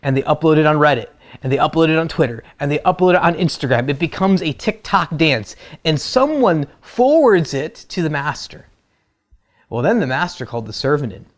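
A man's voice: a little high, sing-song, brisk. A man preaching a sermon, who retells the story in a casual, humorous way. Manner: conversational and humorous, acts out quotes. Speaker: pastor.

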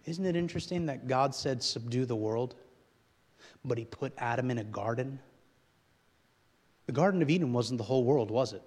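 A man preaching a sermon as pastor, swinging between quiet low asides and loud, rising, emphatic passages. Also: brisk, long reverb tail.

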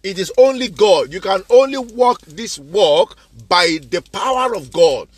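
A man's voice: sits high, expressive, unhurried. A man preaching a sermon, fervent and repetitive, putting pointed questions straight to his listeners. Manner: fervent, repeats phrases for emphasis; addresses listeners directly with questions.

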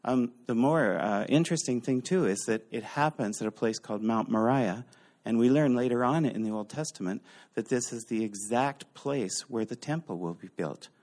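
A man teaching a casual Bible lecture, lively and thinking aloud with fillers and restarts. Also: medium pitch, moderate pace.

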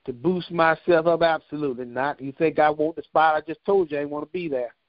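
A man preaching a sermon, telling a personal story with a measured, repetitive cadence. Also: on the high side, steady tone, dry recording, lo-fi sound.

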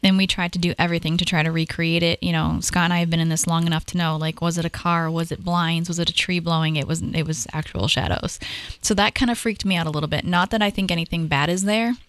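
Woman, 30s, low-ish voice, chatty storyteller, dry close sound. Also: no echo. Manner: animated, chatty, fast bursts with fillers. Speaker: paranormal investigator, guest. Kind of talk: casual storytelling conversation.

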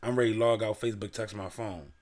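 A man's voice: fairly low pitch, fast. Profane young man telling a story. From Baltimore. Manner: profane, animated storyteller reading old messages aloud. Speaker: podcast co-host. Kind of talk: casual storytelling chat.

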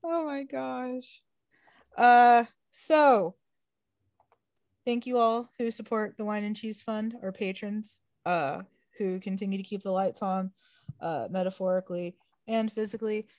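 A young woman co-hosting a podcast in casual chat, animated, swearing freely and laughing often. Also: medium pitch, unhurried, dry recording, clean studio sound. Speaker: podcast co-host.

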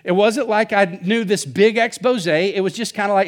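A man's voice: high voice, moderate pace, few pauses. A male pastor preaching a sermon in a casual, joking way, full of asides. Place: church.

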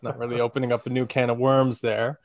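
A man's voice: mid-range voice, flat delivery, fast talker, a little hiss or hum. A man from Canada co-hosting a movie podcast, joking dryly with many fillers. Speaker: podcast co-host. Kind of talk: casual chat.

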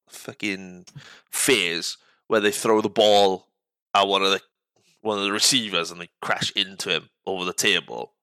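A man's voice: fairly low pitch, bright, forceful tone, smooth, no echo, rough recording. A man hosting a podcast, recapping a film in casual chat, rambling with restarts, swearing and acting out scenes. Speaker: podcast host.

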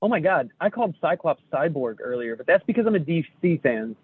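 A man's voice: on the high side, big pitch swings, fairly quick, slightly rough, no room sound. A man co-hosting a casual chat, reading memes aloud with jokes and swearing. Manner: jokey, self-deprecating, swears freely. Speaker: podcast co-host. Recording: tinny phone-like sound.

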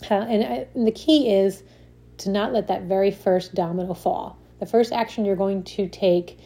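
A woman speaking on stress and habits gives a casual self-help talk in a medium-pitched, steady, dark-toned voice at a moderate pace. She explains with examples, frequently checks in with "right?", and often restarts her sentences.

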